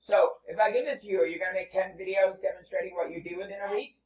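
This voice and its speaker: A man from the New York and New Jersey area giving an energetic, joking motivational talk to a live audience at an event. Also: sits high, quick pace. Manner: energetic, joking, crowd-prodding. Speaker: conference speaker. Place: large event hall with audience. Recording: echoey hall, distant dull mic.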